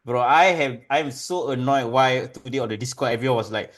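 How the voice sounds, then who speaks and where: A man's voice: mid-range voice, a little fast. A man co-hosting a podcast, bantering in casual chat with a teasing, jokey manner. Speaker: podcast co-host.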